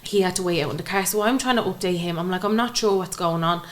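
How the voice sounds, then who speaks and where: A woman's voice: on the low side, fast. A young woman with an Irish accent, a podcast guest telling a personal story and acting out the dialogue she quotes. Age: young adult. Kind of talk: emotional personal storytelling in conversation.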